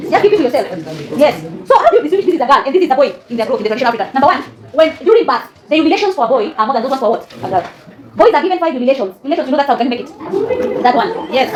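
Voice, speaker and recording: A woman teaching a classroom lesson, often quizzing students with fill-in questions and laughing. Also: high voice. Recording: echoey classroom with student chatter.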